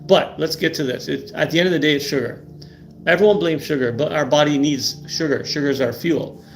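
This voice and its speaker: A man's voice: on the high side, brisk, slight background noise. A middle-aged man hosting a live stream about health, talking emphatically and often tagging lines with "right?", repeating words as he goes. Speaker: livestream host.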